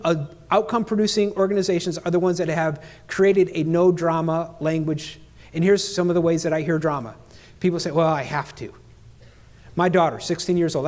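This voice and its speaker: A middle-aged man giving an energetic motivational keynote, talking straight at the audience in punchy phrases. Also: high-pitched. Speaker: keynote speaker.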